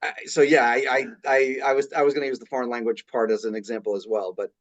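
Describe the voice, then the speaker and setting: Halting man from Boston. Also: medium pitch, little pitch movement, dull audio. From Boston area, USA. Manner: halting, repeats words while starting sentences. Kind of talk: casual podcast conversation.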